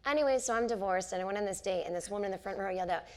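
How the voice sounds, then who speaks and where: A woman's voice: medium pitch, rapid-fire, background noise. A woman in her forties, a comedian chatting onstage and telling stories, acting out the people in them. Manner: animated storyteller, acts out quoted people. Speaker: comedian and author, interview guest. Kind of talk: casual onstage conversation, storytelling. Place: theater stage before a live audience.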